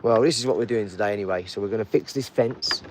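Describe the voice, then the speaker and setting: A man chatting casually in a vlog, rambling and playful, a bit hoarse. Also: fairly low pitch, quick pace, background noise. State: losing his voice. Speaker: vlogger. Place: outdoors in a garden.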